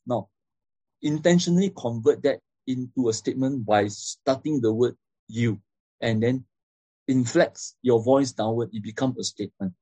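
Man lecturing, mellow husky voice, dry close sound, keeps checking in with the class. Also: medium pitch, normal speed, no echo. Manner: explanatory, frequent "okay?" and "right?" check-ins.

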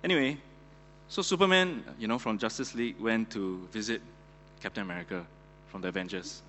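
A male pastor gives an earnest, chatty sermon full of fillers. His voice sits on the low side. It rings in a church hall over a faint hum. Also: fairly quick, bright, forceful tone. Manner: conversational, many fillers, earnest.

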